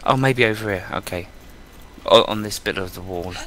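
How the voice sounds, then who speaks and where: Male gamer, bright and playful, faint background noise. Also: on the low side, moderate pace. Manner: joking, playful. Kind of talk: casual gaming chat, reading quest text aloud.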